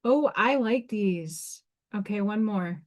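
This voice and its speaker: The recording cuts off the highs, leaving a darkish tone to this woman's mid-range voice, though her intonation stays lively. She hosts a casual live stream as an oracle card reader, speaking slowly and frankly in a Staten Island, New York accent, swearing casually and often restarting sentences.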